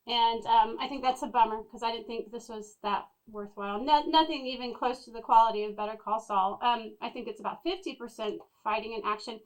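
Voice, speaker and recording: A woman reviewing a movie in casual chat, speaking in a measured, deliberate way. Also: a little high, steady tone, rough recording. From Texas.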